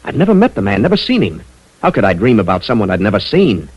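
Insistent young believer in 1940s radio drama, husky, low, animated. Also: male voice, fast talker, lo-fi sound. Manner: eager, insistent. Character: earnest young male psychic-minded scholar.

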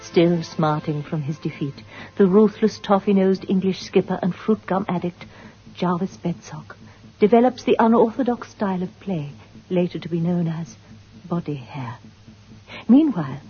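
A woman's voice: on the low side, normal speed, husky. A woman narrating a mock documentary with an earnest, dramatic delivery. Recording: dull lo-fi broadcast recording.

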